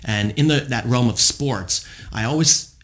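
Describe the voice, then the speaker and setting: A man's voice: mid-range voice, a little slow, a bit bright. A man in his forties hosting a podcast, telling personal stories in a rambling, reflective monologue full of fillers. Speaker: podcast host.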